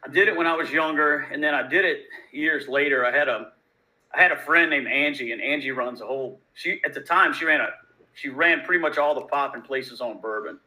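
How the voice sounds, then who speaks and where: A man from Louisiana, a bartender guest telling profane, animated stories in a casual interview. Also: on the high side, brisk, low-quality recording. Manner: profane, animated, laid-back. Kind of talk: casual storytelling.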